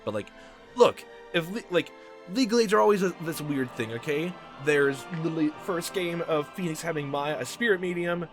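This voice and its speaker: A man's voice: fairly high pitch, animated, moderate pace. A man commenting on a game he plays, joking and rambling. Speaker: let's player. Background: game music.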